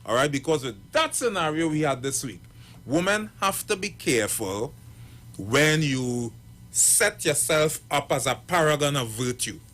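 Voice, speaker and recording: A man's voice: fairly high pitch, unhurried. A pastor and marriage counselor, giving advice on radio and acting out the people in his stories. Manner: animated storyteller acting out quoted voices. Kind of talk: radio talk, storytelling advice.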